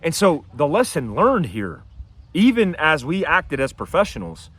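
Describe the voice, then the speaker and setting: Animated man telling a story outdoors. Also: a little high, a little slow, breathy edge, no echo. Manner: animated, acts out quotes in a raised voice. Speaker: vlogger telling a personal story. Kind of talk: casual storytelling to camera. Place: outdoors by his house and driveway.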